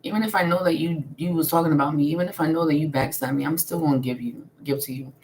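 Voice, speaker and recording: A low-voiced spiritual vlogger speaks quickly on a laid-back live stream, her tone a touch dark. Blunt and freely profane, she laughs often, with a slight hiss under the recording.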